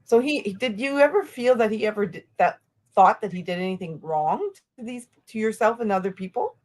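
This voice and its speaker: A woman hosting a podcast interview, speaking earnestly and haltingly, with many fillers and restarts. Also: medium pitch, expressive, darkish tone. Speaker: podcast host. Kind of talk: conversational interview.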